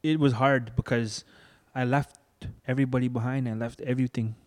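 A man's voice: mid-range voice, steady tone, a little fast, a little mellow. Earnest man recounting grief. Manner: earnest, emotional storytelling with reenacted dialogue. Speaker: guest. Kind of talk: personal testimony in conversation.

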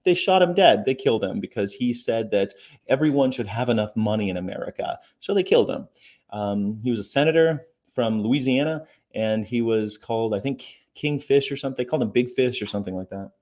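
A man's voice: mid-range voice, a little fast, darkish tone. A man hosting a casual daily chat, rambling through the day's history with fillers and asides. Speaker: vegan channel host.

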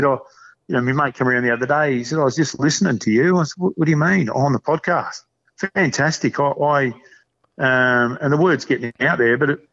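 A man's voice: medium pitch, a bit bright, muffled recording. An Australian man talking earnestly and a bit ramblingly as a guest on a podcast, calling his host "mate". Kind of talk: casual chat.

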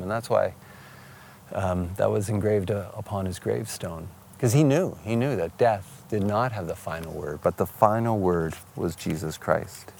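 A man's voice: low-pitched, moderate pace, vocal fry, darkish tone, a little hiss or hum. A middle-aged man preaching a conversational sermon, reading scripture aloud and then speaking personally to the congregation. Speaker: pastor.

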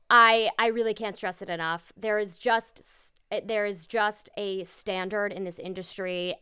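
Female voiceover pro in her forties, smooth resonant tone, emphatic and lively advice. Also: mid-range voice. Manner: emphatic, animated. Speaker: voiceover actor guest. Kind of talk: casual interview advice.

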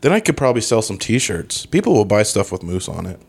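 A man's voice: on the low side, sing-song, fairly quick, gravelly, a little mellow, husky. A man, a stand-up comedian, chatting as a guest on a comedy podcast in a dry, laid-back way.

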